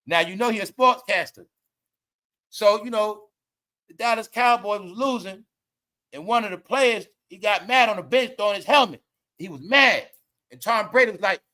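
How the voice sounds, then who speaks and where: A man's voice: high voice, lively intonation, moderate pace, sharp tone. A man hosting a casual commentary stream, slangy and profane, laughing often as he tells stories. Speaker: commentary livestream host.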